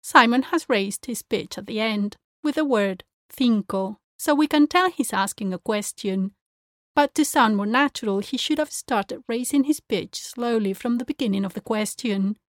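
A woman teaches pronunciation, demonstrating each sound clearly and carefully. Her voice sits a little high, recorded close and dry with no echo. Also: normal speed. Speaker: language teacher. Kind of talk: pronunciation lesson.

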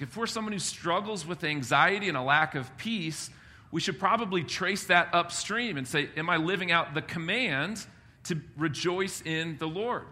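Male pastor, high bright voice, energetic humorous sermon delivery. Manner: lively, humorous, emphatic preaching.

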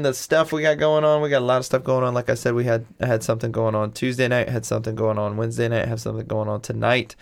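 A young man co-hosting a casual podcast, upbeat and joking as he rambles through updates. His voice has a gravelly, fry-heavy edge at an ordinary, middle pitch. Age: young adult. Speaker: podcast co-host. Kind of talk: casual chat.

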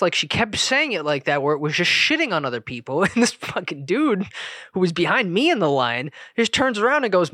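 Podcast host, male, casual rambling monologue, heavy profanity, raised pitch, dry booth sound. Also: sing-song, brisk, pushed and bright, dry recording. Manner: rambling, profane, self-interrupting.

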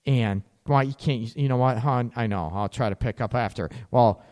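A man hosting a relationship advice radio show, talking in an animated, sarcastic way and acting out quoted partners. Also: medium pitch, moderate pace, in a large hall. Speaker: radio show host and counselor.

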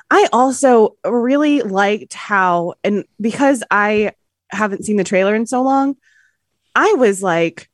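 A woman co-hosting a relaxed movie podcast, chatty and giggly. Her thoughts trail off as she talks. The sound is dry and close to the mic. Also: medium pitch, unhurried, no echo. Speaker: podcast co-host. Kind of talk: casual movie review chat.

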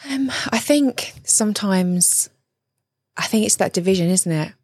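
A woman in her thirties with a British accent, speaking as an interview guest. She talks earnestly, leans on repeated phrases and tag questions, and her pitch sits in a middle range. The sound is dry and close, with no room echo. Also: expressive, unhurried, darkish tone. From Britain. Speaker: guest, relationship coach. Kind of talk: conversational interview.

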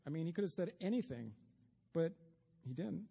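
A man with a fairly high but dark, mellow voice preaches a sermon, chatting with the congregation and dropping in wry asides. His words ring out with a long reverb, as if in a big church sanctuary. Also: lively intonation, moderate pace, creaky, breathy edge. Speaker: pastor. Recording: long reverb of a large hall.

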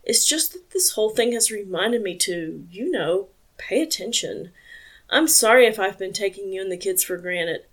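An earnest, tender husband speaks quietly and sincerely in an audiobook, read by a woman. His delivery is soft and low-key, at an ordinary middle pitch. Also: animated, normal speed, distant mic. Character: soft-spoken man, a wife's earnest husband.

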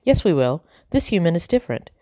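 A woman's voice: lowish voice, big pitch swings, brisk, warm tone, no room sound, studio quality. A woman voicing a polite, earnest male mouse in a storybook.

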